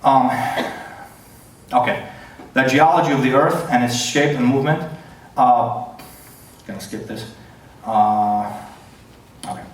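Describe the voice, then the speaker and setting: A man giving an opening statement in a debate, halting and full of fillers and restarts. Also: medium pitch. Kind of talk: formal debate presentation. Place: large church hall. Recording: very echoey hall, distant mic.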